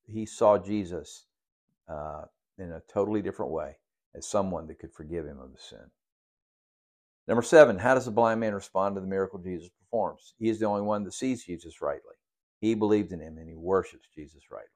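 A man with a very low voice leads a Bible study as a sermon. He works through numbered questions one by one and often restarts his sentences. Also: darkish tone. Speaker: pastor leading a Bible study.

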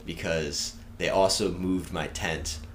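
Very low-voiced man telling stories. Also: steady tone, slow, a little hiss or hum. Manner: rambling, swears freely, laughs through stories. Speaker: podcast guest. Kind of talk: casual storytelling.

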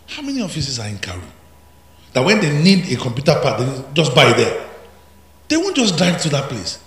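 A man preaching a sermon as pastor, swinging from hushed asides to shouted climaxes. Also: medium pitch, roomy sound, slight background noise.

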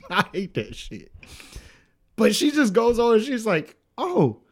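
Animated young man swearing in casual chat. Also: high voice, takes it slowly. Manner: profane, animated storytelling with acted-out quotes. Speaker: podcast co-host.

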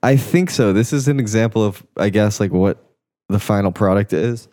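A young man's low, mellow voice drifting through casual podcast chatter. He rambles, swears freely and trails off mid-thought, and the sound is close and dry. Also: moderate pace, no echo. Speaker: podcast co-host. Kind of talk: casual chat.

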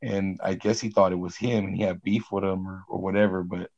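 A man's voice: sits low, a little fast, creaky, dull audio. A man telling old neighborhood stories in a loose, profane way, full of slang and swearing. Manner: profane, animated, heavy slang. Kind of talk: casual storytelling.

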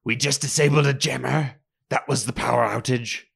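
A man with a deeply gravelly, rough voice, speaking in character during a tabletop game. He talks hesitantly, with many fillers and restarts. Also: fairly even intonation, normal speed, fairly bright tone. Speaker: player.

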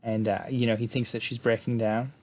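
A man's voice: medium pitch, little pitch movement, fairly quick, darkish tone. A man casually retelling a film's plot in a loose, rambling way, leaning on fillers like "you know" and "like". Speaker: film recap host.

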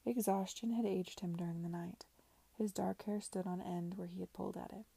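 A woman reading a novel aloud in a soft, half-whispered narration. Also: medium pitch, steady tone, normal speed, gravelly, breathy edge, dry recording. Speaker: reader.

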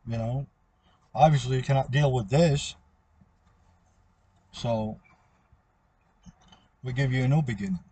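Male speaker, husky and dark in tone, meandering solo monologue, circles back on itself. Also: medium pitch, measured pace, pauses often. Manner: meandering, repetitive, trails off. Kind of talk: rambling spoken monologue.

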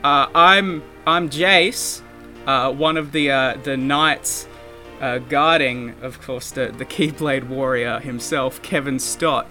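A man's voice: mid-range voice, fairly even intonation, takes it slowly, sharp tone, faint music behind. A man hosting a casual podcast chat, joking and stumbling through fillers and restarts. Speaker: podcast host.

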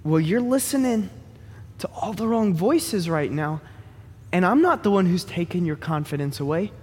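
A preacher voicing a calm, patient God. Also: male voice, high-pitched, normal speed, slightly rough, long reverb tail. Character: calm fatherly God, gently correcting.

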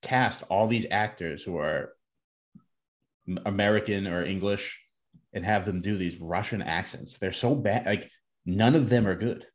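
A man's voice: sits low, a little slow. A young adult man co-hosting a podcast in casual chat, blunt and emphatic. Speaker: podcast co-host.

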